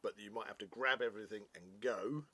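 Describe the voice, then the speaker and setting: A man's voice: fairly low pitch, a little fast, pushed and bright, slightly rough. A man co-hosting a casual product review, chatty and jokey, explaining things at length.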